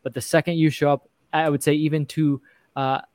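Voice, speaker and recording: Measured male guest, dry close sound. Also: fairly high pitch, flat delivery, darkish tone, no echo. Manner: measured, thoughtful, many "uh" pauses. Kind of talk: closing remarks to a live chat.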